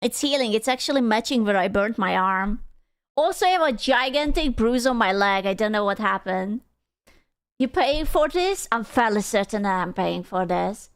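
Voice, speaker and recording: A young woman streamer telling a story casually to her chat, animated, laughing often and swearing freely. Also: mid-range voice, normal speed, smooth, no echo, clean studio sound. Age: young adult.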